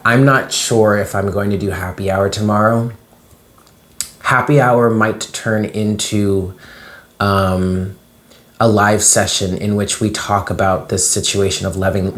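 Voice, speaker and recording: Deep-voiced, rambling tarot vlogger, casual and emotional. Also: steady tone, unhurried. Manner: rambling and chatty, many fillers; gets emotional when telling a dream. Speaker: tarot card reader. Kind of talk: casual daily reading vlog.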